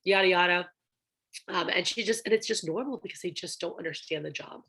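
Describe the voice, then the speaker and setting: This young woman, a trainer in the sales division, delivers chatty, filler-heavy manager training and plays out the exchanges she recounts. She speaks a little fast in a lowish voice with a fairly bright tone.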